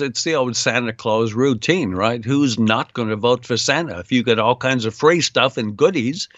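A man's voice: mid-range voice, fairly bright tone, no echo. A man giving blunt, sarcastic political commentary as a guest, full of uh fillers, heard over a remote line. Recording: dull lo-fi dry line.

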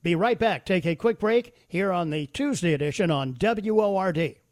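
A man's voice: high-pitched, expressive, moderate pace, no echo, studio quality. Folksy man hosting talk radio. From South Carolina. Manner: folksy storyteller with many fillers and restarts. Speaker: radio talk show host. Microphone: studio microphone.

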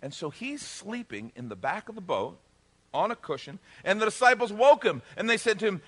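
A male pastor preaching a sermon, telling the story in an animated way, acting out bits of dialogue and joking with the congregation. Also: high-pitched, normal speed.

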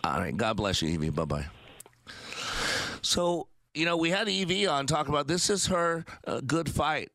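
A man's voice: on the high side, big pitch swings, moderate pace, bright, forceful tone, dry recording. A man in his fifties hosting a faith-based radio talk show, earnest and preachy, with many fillers and restarts. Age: 50s.

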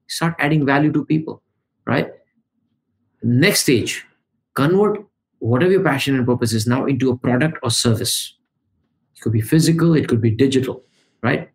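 A man, a podcast guest and coach, talking in energetic, emphatic bursts that list steps one after another. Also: medium pitch. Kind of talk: conversational podcast interview.

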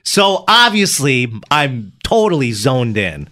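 A man hosting a morning radio show in a studio, telling a story in a casual, animated way with laughs and restarts. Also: medium pitch, takes it slowly, no room sound. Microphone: studio microphone.

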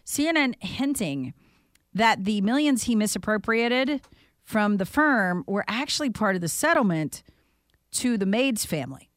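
A woman's voice: medium pitch, very animated, measured pace, no room sound, clean studio sound. A woman hosting a talk show, speaking in an indignant, sarcastic way. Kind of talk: opinionated talk radio chat.

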